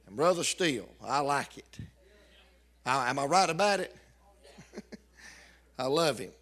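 Slow, bright-voiced preacher man. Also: mid-range voice, lively intonation. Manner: emphatic, drawn-out repetition with joking asides. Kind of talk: revival sermon.

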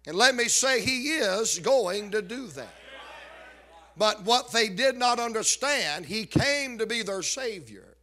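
A man preaches a revival sermon in a high, ringing voice. He takes his time, stretching and repeating key words with emphasis. He drops in joking asides between the lines. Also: animated, slow, sharp tone.

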